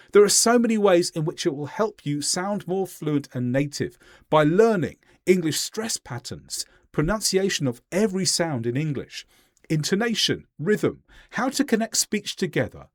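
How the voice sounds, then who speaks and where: A man teaching English in a scripted voice-over, speaking clearly and deliberately and stressing key words. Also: sits high, no echo, studio quality.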